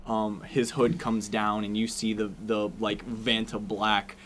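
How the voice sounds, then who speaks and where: A man's voice: fairly low pitch, completely flat delivery, unhurried, a bit bright, a little hiss or hum. A man narrating as game master, describing scenes casually with many fillers.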